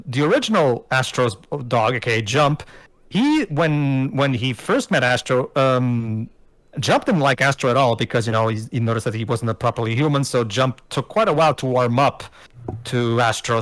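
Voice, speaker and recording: A man's voice: medium pitch, moderate pace, fairly bright tone, no echo. A man giving casual movie commentary, explaining background lore to friends.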